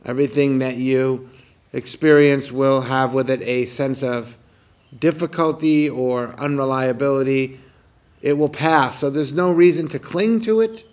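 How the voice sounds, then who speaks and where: Calm man guiding a meditation. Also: on the high side. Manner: calm, gentle, unhurried; asks soft repeated questions. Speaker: meditation teacher. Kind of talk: guided meditation talk. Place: outdoors on a morning walk.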